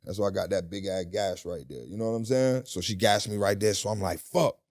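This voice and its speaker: A man's voice: on the low side, fast. A man telling his story as a guest in a casual interview, with profanity and voices he imitates. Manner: animated, profane storytelling with mimicked voices and shouting.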